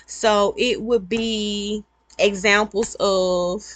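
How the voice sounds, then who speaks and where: A woman's voice: mid-range voice, steady tone, drawn-out words, dry recording. A woman vlogger giving earnest, repetitive, conversational advice to her viewers. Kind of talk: casual advice monologue.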